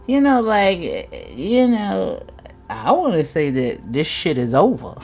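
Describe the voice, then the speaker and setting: A woman's voice: lowish voice, very animated, slow, darkish tone, faint music behind. A woman giving a casual, frank tarot reading commentary, chatting, swearing freely and laughing often. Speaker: tarot reader.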